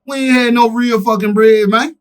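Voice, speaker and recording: A man co-hosting a podcast, speaking in an impassioned, preaching way, full of slang, swinging between loud calls and quiet asides. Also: very high voice, fairly even intonation, normal speed, clear, resonant tone. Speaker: podcast co-host.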